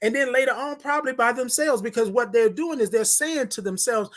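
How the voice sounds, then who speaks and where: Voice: medium pitch, a little fast. A livestream morning show host giving an emphatic motivational talk, repeating key phrases and greeting viewers by name. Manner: talks straight to viewers and greets them by name.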